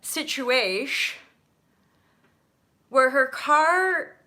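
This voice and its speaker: A woman hosting her own channel, telling a personal story in a loose, animated monologue. She swears freely and drifts into chatty asides. Her voice is higher than most and very bright. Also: drawn-out words. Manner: chatty, with many fillers and asides. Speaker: channel host.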